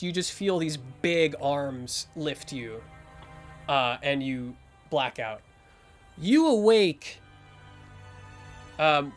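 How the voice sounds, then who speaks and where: A man's voice: on the high side, a bit bright. A man narrating as game master of a tabletop game, improvising with lots of fillers and restarts.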